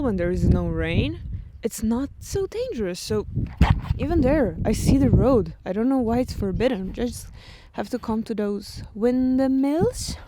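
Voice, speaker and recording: A young woman from Croatia vlogging outdoors on a hilltop, chatting emotionally to her camera and laughing through tears. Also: medium pitch. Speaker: travel vlogger. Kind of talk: casual vlog talk to camera. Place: outdoors on a windy island hilltop. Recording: loud wind and outdoor noise.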